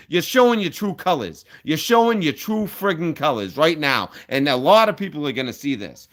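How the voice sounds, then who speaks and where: A man's voice: on the high side, expressive, moderate pace, few pauses, fairly bright tone. Furious, profane male livestreamer. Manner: heated, profane, threatening, repetitive. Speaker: livestream host. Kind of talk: angry livestream rant.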